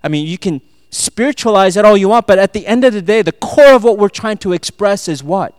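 A male pastor preaching a sermon, swinging between loud, emphatic passages and soft, hushed asides, quoting and acting out lines. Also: high-pitched, lively intonation, fairly quick, few pauses, smooth, no room sound, clean studio sound. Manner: quotes and acts out lines, laughs at himself.

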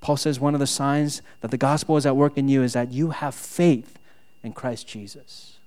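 A man's voice: mid-range voice, fairly even intonation, normal speed, darkish tone. A man preaching a sermon, telling a personal story with lots of "right?" and building to exasperated outbursts. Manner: frequent fillers and tag "right?". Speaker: pastor.

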